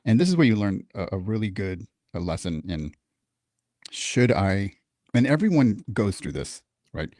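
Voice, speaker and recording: A man with a somewhat low voice tells a story from his service as a guest on a talk show. He swears freely and acts out the people in it. The sound is dry and close. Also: moderate pace, no echo. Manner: profane, animated, acts out quoted dialogue. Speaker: guest, military veteran. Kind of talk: casual storytelling in a podcast interview.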